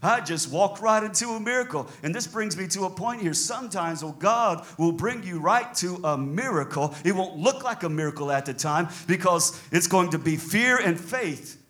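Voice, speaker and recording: A man with a Southern American accent, preaching a sermon as pastor in an animated way, chuckling between points. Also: sits high, normal speed, hardly any pauses. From Southern United States.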